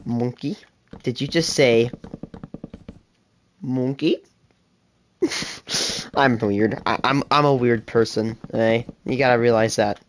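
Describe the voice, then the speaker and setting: Fast-rambling seventeen-year-old streamer. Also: mid-range voice, steady tone. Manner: fast, rambling self-talk with laughs. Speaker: gaming livestreamer. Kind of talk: casual live gameplay chatter.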